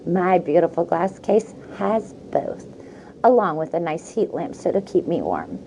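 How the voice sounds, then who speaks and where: A woman teacher reading a children's chapter book aloud to her students. Her voice sits low and sounds warm and mellow. She tells the story gently and stops now and then for casual recaps. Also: big pitch swings, creaky, slight background noise, poor audio. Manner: slow, gentle storytelling with asides to the class.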